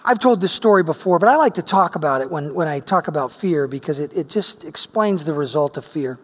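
A man's voice: fairly high pitch, fairly quick, husky, in a large hall. A middle-aged man from Oregon preaching a sermon, telling a personal story and acting out the voices in it. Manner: animated storyteller, acts out voices. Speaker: pastor.

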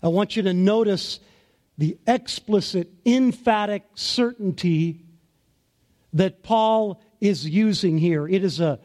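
A man preaching a sermon as pastor, in a slow, deliberate and emphatic way. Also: sits high, a little mellow.

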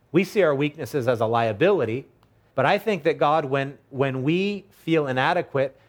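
Conversational middle-aged male preacher. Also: fairly high pitch. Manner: conversational preaching, acts out quoted voices. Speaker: pastor. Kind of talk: sermon.

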